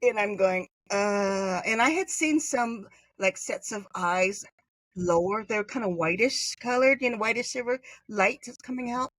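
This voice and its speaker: Podcast guest, a woman from Hawaii, recounts a story with animated jumps and self-corrections; dry, close sound. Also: unhurried, dry recording, low-quality recording. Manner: animated, acts out quoted voices with pitch jumps. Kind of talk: personal storytelling.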